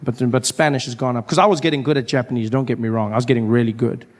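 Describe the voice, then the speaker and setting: A man from South Africa with a South African accent, doing animated stand-up storytelling and breaking into loud acted outbursts. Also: medium pitch, very fast. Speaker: stand-up comedian.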